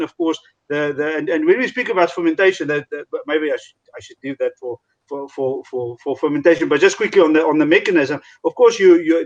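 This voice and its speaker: Male expert from South Africa, higher register, hesitant and repetitive, on a muffled lo-fi recording. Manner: halting, repeats words and restarts often. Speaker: meat curing expert. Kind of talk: explanatory interview talk. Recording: dull lo-fi recording.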